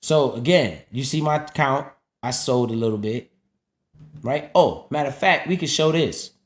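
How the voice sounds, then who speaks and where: A middle-aged man hosting a casual livestream, talking in loose slang and often dropping low and quiet. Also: normal speed. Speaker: livestream host talking investing.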